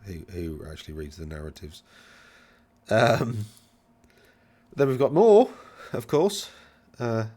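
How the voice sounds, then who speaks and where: Male host, lower register, casual rambling rules chat, wry and dismissive. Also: huge pitch swings, slow pace, pauses often, mellow. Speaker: channel host reviewing game rules.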